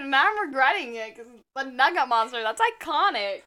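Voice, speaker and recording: A woman's voice: sits high, lively intonation, moderate pace, hardly any pauses, pushed and bright. A young woman co-hosting a podcast in casual chat, rambling, chatty and swearing now and then. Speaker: podcast co-host.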